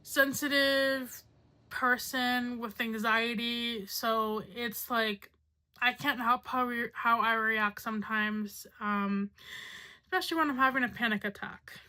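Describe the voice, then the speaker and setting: A woman's voice: on the high side, steady tone, slow, bright, forceful tone. A woman in her thirties from Arizona, chatting casually to camera and telling a dramatic story full of "like" and self-mocking asides. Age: 30s. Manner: dramatic storyteller, lots of "like", laughs at herself. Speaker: beauty vlogger.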